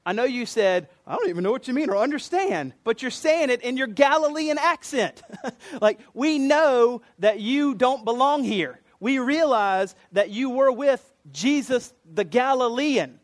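A man's voice: very high-pitched, animated, moderate pace, dry recording, pitched above the performer's own voice. A preacher acting out a pushy accusing bystander man. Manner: mocking, insistent.

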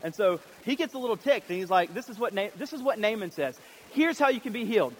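Animated high-voiced male pastor preaching. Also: quick pace, rough recording. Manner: animated, acts out voices of biblical figures. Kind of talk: sermon.

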